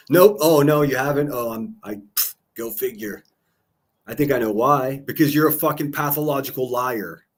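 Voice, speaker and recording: A man hosting a call-in livestream, ranting in a profane, combative and mocking way while greeting viewers. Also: medium pitch.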